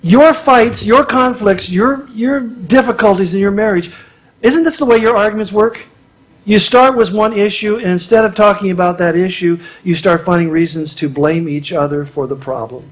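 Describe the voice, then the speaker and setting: High-voiced man preaching casually. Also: normal speed. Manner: conversational and humorous, acting out quotes. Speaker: conference speaker. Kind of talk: marriage conference sermon.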